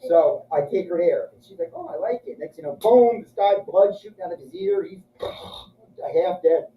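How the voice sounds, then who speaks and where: A man's voice: high-pitched, moderate pace. A man casually telling crude, profane stories and acting out the other people's lines. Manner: crude, profane, acts out voices in his stories. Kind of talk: casual storytelling chat. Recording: echoey, muffled room from a distance.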